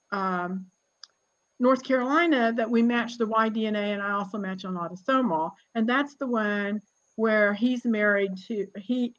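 A woman in her sixties, a genealogist guest, telling family stories in a lively, chatty way and laughing often. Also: fairly high pitch, highs cut off. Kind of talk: casual storytelling conversation.

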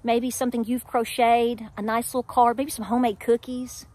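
A woman's voice: on the high side, little pitch movement, normal speed, darkish tone, no room sound. A middle-aged woman with an Appalachian accent, talking straight to her viewers in an emphatic, preachy way full of rhetorical questions. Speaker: homestead vlogger. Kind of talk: candid talk to camera.

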